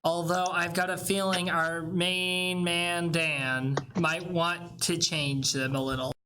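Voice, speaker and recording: Male improv player, slow and bright-toned, measured, faint noise behind. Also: a little high, level tone. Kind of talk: casual online improv play.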